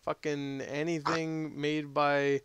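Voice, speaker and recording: A man's voice: fairly high pitch, flat delivery, slow pace, a crowd in the background. A young man hosting a casual movie chat, profane and laughing often. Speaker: podcast host.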